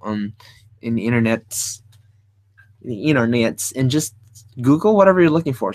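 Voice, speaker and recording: In a dry recording, an art stream host with a mid-range voice leads a casual live drawing lesson. He wanders through his thoughts out loud while sketching, punctuating things with playful sound effects.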